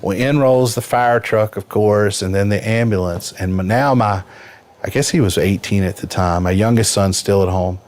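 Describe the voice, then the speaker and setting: A man's voice: fairly low pitch, normal speed, a little mellow. A man in his fifties telling a personal story as a podcast guest, earnest and vivid. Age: 50s. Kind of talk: personal story in a casual interview.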